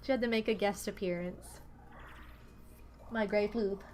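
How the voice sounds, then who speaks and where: A young adult woman chats with her stream audience from her apartment in a casual, animated livestream, giggling a lot and lapsing into cooing baby talk. Her voice is medium-pitched with fairly even intonation, unhurried and somewhat dark, and there's a slight hiss or hum.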